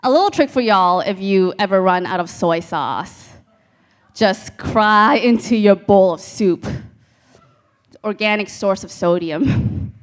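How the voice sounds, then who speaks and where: A woman performing a stand-up comedy set on a live stage, telling deadpan stories and talking to the crowd. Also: mid-range voice, slow pace. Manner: deadpan storytelling with crowd asides.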